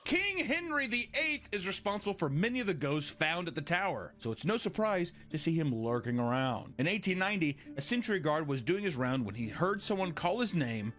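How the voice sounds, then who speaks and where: A man's voice: a little high, sing-song, a little fast, hardly any pauses, a bit bright. A man reading a ghost story aloud with chatty asides, in storytelling manner. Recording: music playing behind.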